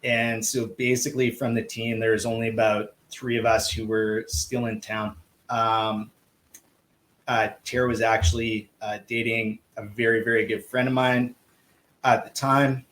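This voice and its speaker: A male swim coach as a podcast guest, telling anecdotes casually and acting out quoted dialogue, with halting restarts on heavy moments. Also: on the low side, rough recording. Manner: lively, acts out quoted dialogue.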